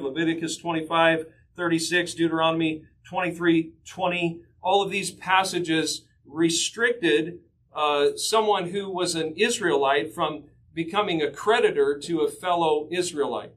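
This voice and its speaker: A man's voice: on the high side, a bit bright, slight background noise, rough recording. A man preaching a sermon, earnestly teaching from scripture and stressing his points with repetition. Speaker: pastor.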